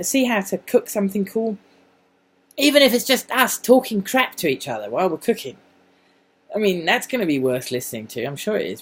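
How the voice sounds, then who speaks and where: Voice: medium pitch, breathy edge, poor audio. Chatty English vlogger rambling on. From England. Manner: chatty, wandering, frequent restarts and asides. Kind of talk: casual rambling monologue.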